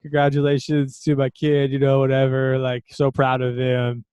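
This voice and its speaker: A man's voice: medium pitch, monotone, normal speed, a little mellow, clear, resonant tone, no echo. A man co-hosting a podcast, telling a story in a loose, laughing way with lots of fillers. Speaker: podcast co-host. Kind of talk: casual chat.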